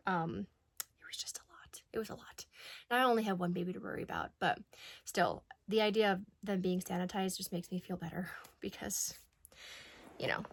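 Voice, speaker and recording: A woman vlogger chatting casually and rambling as she gets ready for an event. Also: medium pitch. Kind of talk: casual get-ready-with-me chat.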